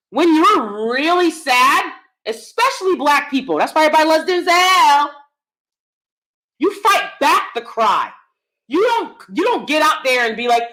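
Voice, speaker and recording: A woman's voice: high voice, sharp tone. A woman hosting a commentary vlog, who speaks emphatically and often asks her viewers questions directly. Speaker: channel host; theater actor.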